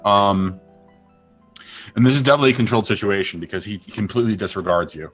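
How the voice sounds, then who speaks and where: Deep-voiced man running a tabletop game. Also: fairly bright tone, faint music behind. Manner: rambling, halting, many fillers and restarts. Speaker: game master.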